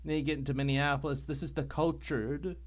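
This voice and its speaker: A man co-hosting a podcast in a casual chat, making dry jokes in a deliberate way. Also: fairly high pitch, little pitch movement. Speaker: podcast co-host.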